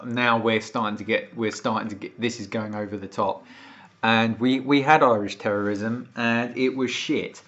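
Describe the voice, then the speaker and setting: A British man from the UK with a fairly low-pitched, fairly bright voice keeps a steady tone at normal speed while ranting and swearing on a casual livestream, becoming more agitated as he goes. The stream audio sounds dull and lo-fi.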